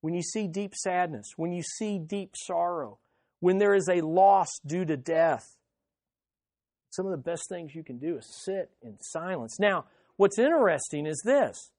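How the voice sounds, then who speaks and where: A man preaching a sermon as pastor, speaking directly to the listeners and emphatically repeating his key phrases, swinging between loud and hushed. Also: high-pitched, animated, measured pace, dry recording, clean studio sound.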